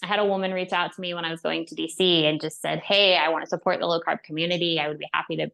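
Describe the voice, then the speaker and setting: Gravelly low-voiced woman, chatty guest. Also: racing. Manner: animated storyteller, laughs often, many fillers. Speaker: dietitian and author, podcast guest. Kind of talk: casual interview chat.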